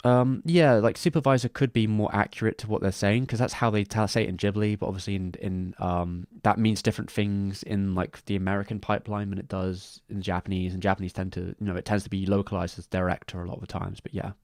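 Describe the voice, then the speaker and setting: A man's voice: lowish voice, fairly even intonation, fast, few pauses, a little mellow, no echo, studio quality. A man streaming live, talking casually about animation credits, with many restarts and asides. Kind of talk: casual livestream commentary.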